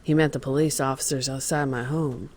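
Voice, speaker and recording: A man's voice: medium pitch, steady tone, fairly quick, no room sound, close to an everyday voice. A man voicing a male contractor who testifies as a witness in a dramatized reading of court testimony, telling the story in a plain, worried way.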